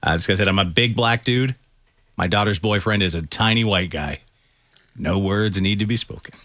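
A man's voice: lowish voice, moderate pace, fairly bright tone, slight background noise. A man co-hosting a casual radio show, reading listener texts aloud and laughing often.

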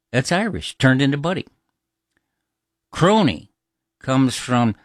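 A man's voice: mid-range voice, sing-song, measured pace, dry recording, studio quality. A man hosting a call-in radio talk show, chatting casually and explaining at an easy pace with plenty of fillers.

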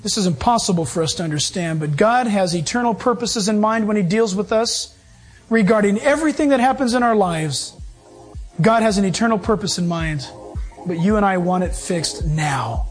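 A man preaching from the pulpit, with a high, slightly husky voice. He delivers his sermon in animated, emphatic bursts, shifting between quick and drawn-out phrases. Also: faint music behind. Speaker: pastor.

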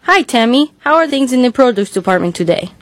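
Guy doing a high chirpy lady shopper, lots of swoop. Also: very animated, a little fast, a bit bright, dry recording, studio quality, heavily acted. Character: chirpy woman customer greeting a grocery clerk. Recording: old comedy bit played back.

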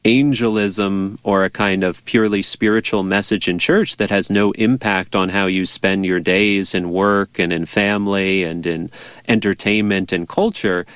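A man, a priest and bioethics professor, answering interview questions in a measured, thoughtful way. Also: low-pitched, fairly even intonation, fairly bright tone, smooth, dry recording. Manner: measured, thoughtful, with some restarts. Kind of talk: explaining in a radio interview.

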